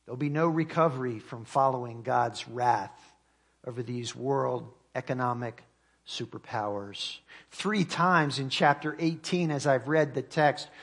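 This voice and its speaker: A man preaches in an earnest voice of middling pitch. He reads scripture with swelling emphasis and then slows, dropping quietly at the ends of his lines. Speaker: pastor. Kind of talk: sermon.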